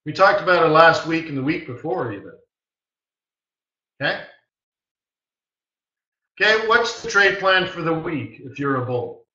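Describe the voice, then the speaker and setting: Man, higher-pitched and forceful, blunt webinar teacher; roomy, distant, dull mic. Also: animated, a little slow, pauses often. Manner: emphatic, blunt, repeats short commands. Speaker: forex market strategist hosting a live webinar. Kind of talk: live trading webinar, unscripted teaching.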